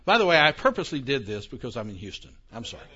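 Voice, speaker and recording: A man's voice: mid-range voice, sing-song, racing, bright, forceful tone, breathy edge. Older man lecturing, dull lo-fi sound. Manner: conversational, asks the audience questions, self-deprecating asides. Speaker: theology lecturer. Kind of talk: lecture to a live audience. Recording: dull lo-fi recording.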